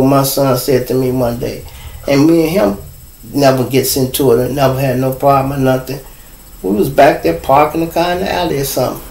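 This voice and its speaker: A man's voice: mid-range voice, vocal fry, a little mellow. Chicago guy hosting a live stream, cussing and talking straight to the viewers, roomy echo on it. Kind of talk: casual live stream rant.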